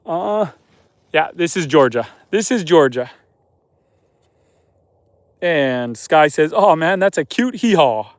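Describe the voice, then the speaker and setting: A man from Canada, a homesteader livestreaming outdoors at night, reading viewer comments aloud and chatting back in a relaxed way. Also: fairly high pitch, takes it slowly, pauses often, no echo, clean studio sound. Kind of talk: casual live stream chat.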